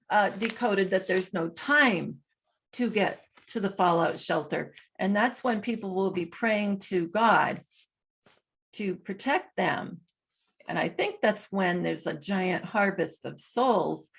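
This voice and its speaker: A woman vlogging in a casual monologue, reading from her notes and spelling out numbers slowly and deliberately. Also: mid-range voice, creaky, slightly rough.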